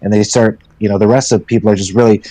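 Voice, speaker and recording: A man with a somewhat low voice tells his part of a tabletop storytelling game. He is a lively storyteller who swears casually and drops into character voices. The sound is dry, with no room echo. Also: very fast. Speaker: player.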